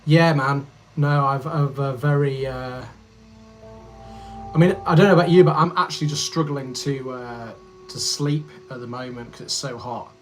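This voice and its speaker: Soft music plays behind a man in his thirties from Yorkshire, England, whose mid-range voice keeps a moderate pace. During a casual livestream, he chats through viewer comments in a friendly, wandering way, often distracted by his editing.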